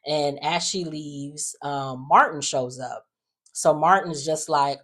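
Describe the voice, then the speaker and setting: A woman's voice: deep voice, slow, a bit bright. A young woman giving a chatty, slang-filled recap of soap opera episodes, trading in strong opinions.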